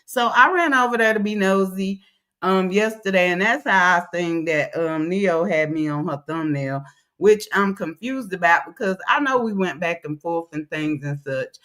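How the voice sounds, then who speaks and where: A woman's voice: fairly low pitch, normal speed, a bit bright. A woman hosting a casual livestream. She greets viewers by name in a lifted sing-song voice, then drifts into loose, blunt, rambling talk full of fillers. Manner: loose, chatty and blunt, with fillers and side remarks. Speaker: livestream host.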